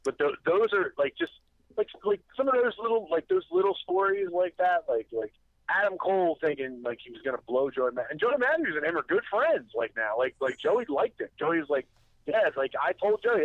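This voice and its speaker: A man's voice: high-pitched, sing-song, brisk, no echo. A man, a wrestling promoter, telling road stories in a rambling casual chat, with many restarts and acted-out quotes. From Delaware. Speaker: podcast guest, wrestling promoter. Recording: dry tinny phone-line sound.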